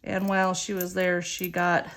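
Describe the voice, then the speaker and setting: A woman's voice: on the low side, monotone, normal speed, a bit bright. A middle-aged woman hosting a budgeting channel, chatting casually and expressively while counting aloud through a savings game.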